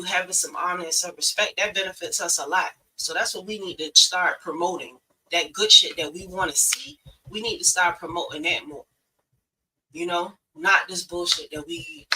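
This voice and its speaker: Woman, blunt preachy live-stream talk, very bright tone, somewhat distant mic. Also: medium pitch, a little hiss or hum. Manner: blunt, preachy, talks straight to women viewers. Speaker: relationship advice host.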